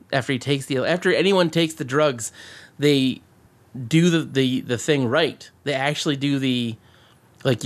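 Talking about a movie on the podcast he co-hosts, this man sounds fairly high-pitched, casual, and excited. His speech rambles, with plenty of swearing and frequent restarts.

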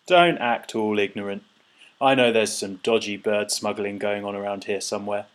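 A man's voice: on the low side, fairly even intonation, normal speed, natural voice. A man voicing a pompous, sneering, overfed male seagull who is a border chief. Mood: accusing.

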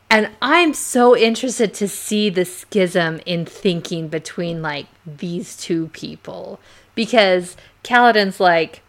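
A woman co-hosting a podcast, chatting casually about a book and retelling scenes with excited, acted-out quotes. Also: mid-range voice, slow. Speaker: podcast co-host.

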